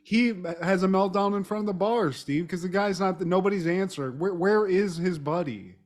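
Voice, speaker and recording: A man's voice: sits high, normal speed. A man co-hosting a podcast, casually recapping a TV episode with frequent laughter. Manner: laughs often, addresses co-host by name. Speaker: podcast co-host.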